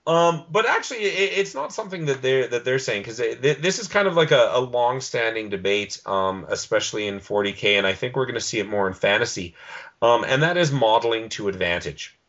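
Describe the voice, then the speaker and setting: A man's voice: mid-range voice, expressive, brisk, a bit bright, lo-fi sound. A man co-hosting a podcast in casual chat, ranting with lots of swearing and "um"s. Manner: ranting, profane, many fillers. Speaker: podcast co-host.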